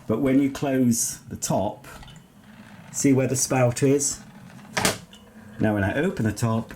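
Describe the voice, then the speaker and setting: A homely Yorkshire man vlogging in a loose, rambling chat, often stopping for an um before he carries on. His pitch sits in the middle for a man, and the talk is relaxed and unscripted. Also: slow, pauses often, slight background noise. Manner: rambling, homely, full of ums. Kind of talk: casual chat to camera.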